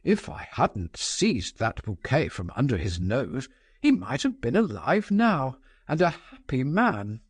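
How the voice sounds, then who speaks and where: A man narrating a novel, voicing a flustered, dignified older gentleman who stammers in confusion. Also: medium pitch, sing-song, measured pace, slightly rough, no echo, clean studio sound, exaggerated voice. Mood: rueful.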